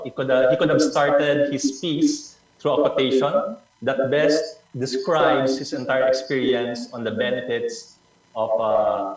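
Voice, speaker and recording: Man presenting on an echoey video call. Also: mid-range voice. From Philippines. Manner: encouraging, repeats key words for emphasis. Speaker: presenter leading a learning session. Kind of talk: online club workshop talk. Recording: echoey distant muffled video call audio.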